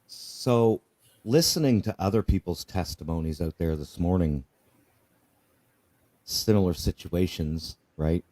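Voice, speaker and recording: A man's voice: low voice, unhurried, pauses often, dark tone. A man telling his personal testimony in an earnest, candid way, often repeating himself and asking "right?". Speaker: guest sharing his life story.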